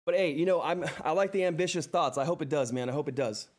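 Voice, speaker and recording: Fairly high-pitched and quick, a man's voice carries a livestream about stock trading as he sits at home reading chat. Effusive and flustered, he thanks viewers again and again, laughs frequently, and exclaims excitedly.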